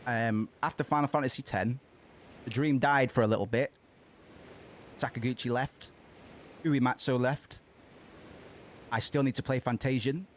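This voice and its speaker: A man's voice: mid-range voice, fairly even intonation, moderate pace, long pauses, slight background noise. A man streaming a game, chatting in casual let's-play commentary, rambling with frequent restarts and casual swearing. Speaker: gaming streamer.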